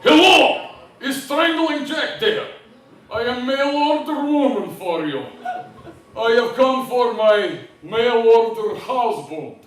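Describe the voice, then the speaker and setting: A man voicing a huge, pushy Russian mail-order bride in a booming mock accent, in a live stand-up bit. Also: expressive, slow, distant mic, slight background noise, exaggerated voice. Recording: echoey room heard from afar.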